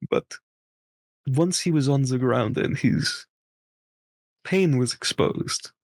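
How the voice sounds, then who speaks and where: Player narrating, slow and measured, mid pitch. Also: male voice, no room sound. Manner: measured, searching for words. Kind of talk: narrating his character's actions in a tabletop game.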